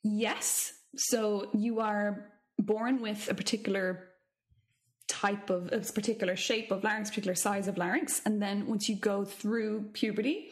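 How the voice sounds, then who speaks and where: Woman, vocal coach, mid-pitched, explanatory and chatty. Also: fairly even intonation, a little slow. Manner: explanatory, thinking aloud with restarts. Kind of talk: casual podcast chat.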